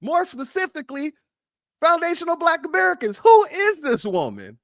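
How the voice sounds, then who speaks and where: Mocking, incredulous commentary host. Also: male voice, very high-pitched, huge pitch swings, moderate pace, fairly bright tone, dry recording, studio quality. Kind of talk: reaction commentary.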